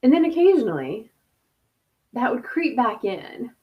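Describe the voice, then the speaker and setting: A woman's voice: a little high, sing-song, unhurried, dull audio. A woman hosting a casual live stream from home over a video call, chatty and laughing, full of "like" and "y'all". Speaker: host.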